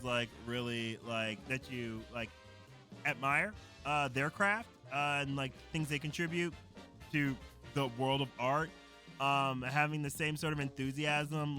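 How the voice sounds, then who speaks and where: Bright, excited male streamer rambling away. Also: medium pitch. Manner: excited, rambling, lots of fillers. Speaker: live streamer. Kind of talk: casual live-stream chat.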